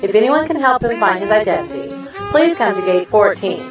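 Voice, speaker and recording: A man puts on a high, sweet-voiced airline gate agent, polite to the point of sly. Her pitch swings up and down as she rattles the words out quickly. The recording is dull, with music behind it. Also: big pitch swings. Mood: announcing.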